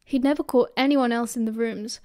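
A woman with a British accent reading a fan audiobook in steady storytelling narration. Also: a little high, a little fast.

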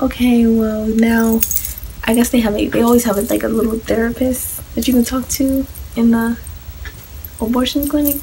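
Soft-spoken teenage girl, noisy room. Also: a little high, vocal fry. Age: teens. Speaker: vlogger. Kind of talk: personal storytime vlog.

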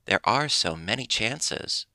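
Man reading a patient old father, gentle lecturing, gravelly low voice, dry. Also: expressive, takes it slowly, no room sound, heavily acted.

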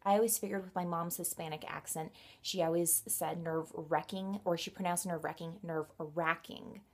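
A woman's voice: fairly low pitch, steady tone, a little fast, vocal fry, a little mellow. A young woman chatting casually in her home vlog, giggly and full of "like" and "um". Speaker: beauty vlogger.

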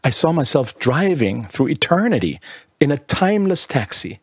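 A man's voice: very animated, normal speed, slightly rough, no room sound, clean studio sound, heavily acted. A man voicing a lean, nervous young man who talks in a fretful, pleading, melodramatic way. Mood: wistful. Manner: pleading, fretful, high-strung.

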